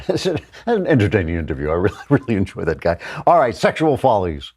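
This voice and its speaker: A man's voice: fairly low pitch, wildly swooping pitch, brisk, over music. A man hosting a commentary show, joking and digressing with laughing asides. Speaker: podcast host.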